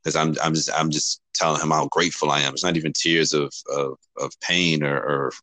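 A man's voice: extremely low pitch, flat delivery, fairly quick, sharp tone, no room sound, poor audio. A man talking earnestly about his faith, often repeating words and calling the other man brother. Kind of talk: casual faith talk.

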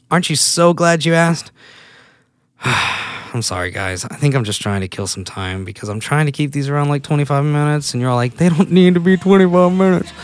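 Man, solo podcast host, rambling and self-deprecating, slightly high voice, dry close sound. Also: dry recording. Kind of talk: casual solo monologue.

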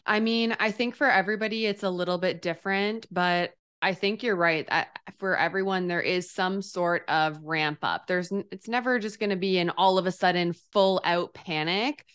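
A woman host with a low-leaning, smooth, resonant voice, speaking in a reflective, conversational way. She talks through her own experience calmly with her guest. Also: moderate pace, few pauses. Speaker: podcast host. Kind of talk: casual interview chat.

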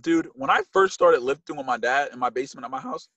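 A man talking in a casual podcast chat, animated and slangy, cursing as he makes his points. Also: fast, no room sound, dull audio. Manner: animated, swearing, slangy, jumps into high-pitched imitations.

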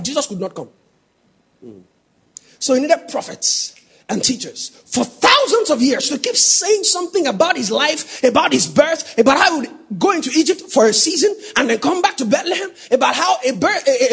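A man preaching a sermon, teasing the congregation and building to shouted emphasis. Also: very high voice, vocal fry. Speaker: pastor.

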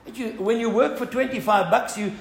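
Preacher with a gravelly voice. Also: male voice, sits high, fairly quick, roomy sound, over music, poor audio. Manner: earnest preaching, rising to emphatic calls, repeated "Amen?". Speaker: pastor. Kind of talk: sermon.

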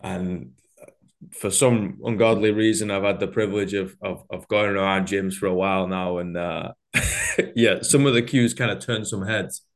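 A man with a Manchester accent hosts a casual podcast chat. His voice sits low and he talks in a loose, slangy way, often breaking into laughter. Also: steady tone, moderate pace. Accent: Northern English, Manchester. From Northern England. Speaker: podcast host. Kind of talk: casual conversation.

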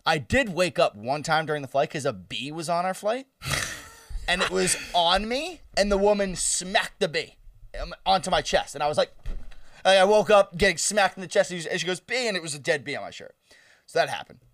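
A man's voice: sits high, normal speed, no echo, studio quality, far from the mic. A man in his twenties telling a story in casual chat, swearing and laughing as he goes. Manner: animated, swearing, laughing, acts out screams.

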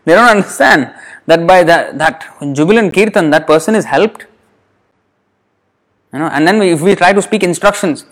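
A man's voice: a little high, moderate pace, pauses often, a bit bright. A man giving a sermon that retells a scripture story in a conversational way. He uses many fillers and his voice rises when he quotes the characters. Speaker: spiritual teacher.

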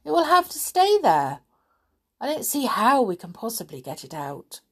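A woman's voice: fairly high pitch, huge pitch swings, moderate pace, slightly rough, pitched above the performer's own voice, exaggerated voice. A woman doing a gloomy young boy. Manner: glum, fretful.

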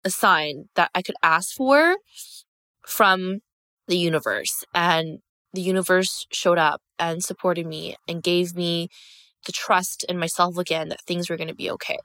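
A young woman podcast host talking straight into a close microphone, candid and emphatic, full of fillers and the odd curse. Her voice sits a little low for a woman. The sound is dry, with no room around it. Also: unhurried, pushed and bright, dry recording. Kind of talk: casual storytelling monologue.

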